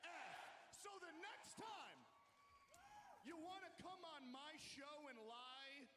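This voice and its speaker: A man cutting a taunting, boastful wrestling promo, shouting at times, in a large arena. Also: extremely high pitch, animated, slow, a crowd in the background. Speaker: pro wrestler. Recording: long arena reverb.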